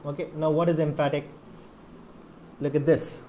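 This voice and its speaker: A man's voice: a little high, level tone, normal speed, warm tone, slight background noise. A man whose first language is Malayalam, teaching an English grammar lesson and filling his explanations with repeated okays and questions to the viewer.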